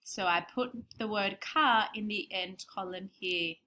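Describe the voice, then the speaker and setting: A woman co-teaching a recorded spelling lesson for young children, clearly explaining and sounding out words. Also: medium pitch, measured pace, pushed and bright, slight background noise. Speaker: primary school teacher.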